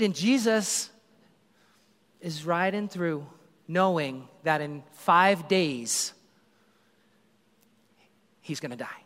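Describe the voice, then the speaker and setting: High-voiced animated preacher in a hall. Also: male voice, slow, long pauses. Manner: animated storytelling, acts out crowd voices. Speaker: pastor. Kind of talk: sermon.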